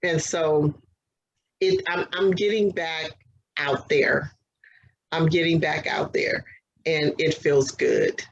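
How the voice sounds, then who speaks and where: A woman's voice: low-pitched, fairly even intonation, takes it slowly, pauses often, dull audio. A woman guest in an interview, telling her personal story earnestly in casual conversation. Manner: earnest storytelling, acts out quoted exchanges.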